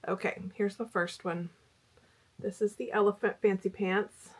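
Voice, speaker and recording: A woman's voice: mid-range voice, steady tone, unhurried, darkish tone, slightly rough. A middle-aged woman vlogging about crochet in a chatty, rambling way with fillers. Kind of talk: casual chat.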